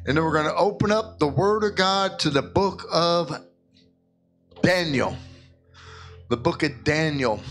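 High-voiced pastor guy joking around with the kids at church, guitar playing behind him. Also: fairly bright tone. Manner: playful and joking, often laughing. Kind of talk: leading a church service with children. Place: church in Philadelphia.

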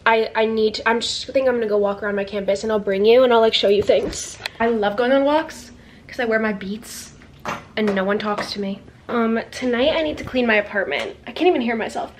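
Chatty young woman vlogging, slightly high. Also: slight background noise. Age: young adult. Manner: chatty, lots of "like" fillers, candid. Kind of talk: casual vlog chat to camera.

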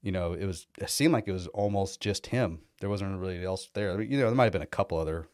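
Low-voiced man rambling casually. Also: quick pace, darkish tone, no room sound, studio quality. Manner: rambling, profane storytelling with fillers; mimics other people in quoted bits. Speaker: vlogger. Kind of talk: casual chat.

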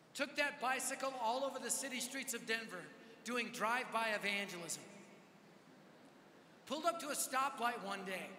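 High bright-voiced preacher in an echoey hall. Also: male voice, a little hiss or hum. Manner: energetic, dramatic swings from loud to hushed. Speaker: conference speaker. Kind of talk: storytelling sermon. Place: large hall. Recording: echoey hall with long reverb.

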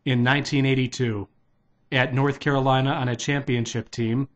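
A man's voice: medium pitch, flat delivery, moderate pace. A man reads a children's novelization aloud in a casual, unpolished way. His voice sits in an ordinary middle range. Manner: plain, unpolished read-aloud. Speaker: reader.

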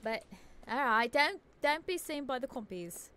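A woman's voice: high voice, expressive, a little slow, pushed and bright, slight background noise. A woman giving chatty, self-talking commentary while playing a video game, often giggling. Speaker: gaming streamer. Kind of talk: casual let's-play commentary.

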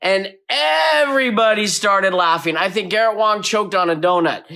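A man telling a behind-the-scenes anecdote in an animated storytelling way, acting out his own past lines. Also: high-pitched, moderate pace, gravelly, clean tone.

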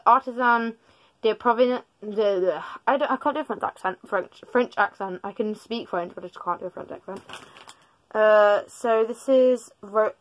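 A woman's voice: mid-range voice, dry recording. Rambling, chatty teen girl vlogger. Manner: chatty, rambling, self-correcting, joking asides. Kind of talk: casual gift-opening vlog. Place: parents' bedroom.

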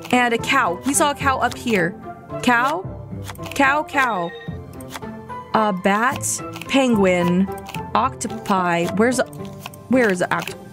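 A young woman casually chatting and muttering to herself as she plays a video game on a live stream, often repeating words under her breath and giggling. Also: a little high. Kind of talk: casual live gameplay chat.

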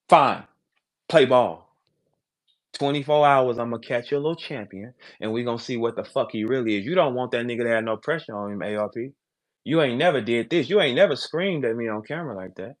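A man, a battle rapper, delivering a heated, confrontational call-out, jumping between shouting and low muttering. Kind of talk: heated trash talk call-out.

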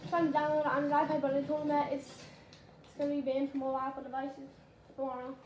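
High-voiced excitable female gamer. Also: fast. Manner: excitable, rambling, shouts at the game. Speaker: gaming channel host. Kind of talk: casual gameplay commentary. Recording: roomy and noisy.

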